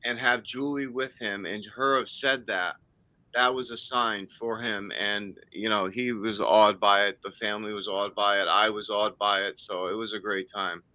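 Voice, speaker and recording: An excitable male guest on a casual podcast, telling his stories eagerly. His voice is fairly low but bright and forceful. The sound is dry and close-miked. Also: moderate pace, no room sound. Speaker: guest paranormal investigator. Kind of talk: casual chat.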